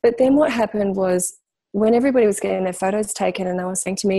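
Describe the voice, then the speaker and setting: Gravelly, warm-voiced woman coach. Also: medium pitch, quick pace, dry recording. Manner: passionate, emphatic, repeats phrases for stress. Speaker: guest, spiritual coach. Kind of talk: candid podcast interview.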